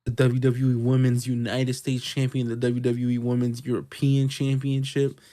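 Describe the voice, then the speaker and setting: A man co-hosting a podcast, recapping wrestling in casual, profane, excitable chat. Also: medium pitch, moderate pace. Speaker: podcast co-host.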